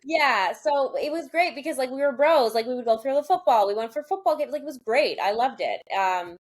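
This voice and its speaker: A woman's voice: sits high, expressive, brisk. A woman in her thirties, a podcast guest, chatting casually and openly, peppering her talk with "like" and the odd swear word. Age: 30s. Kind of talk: casual chat.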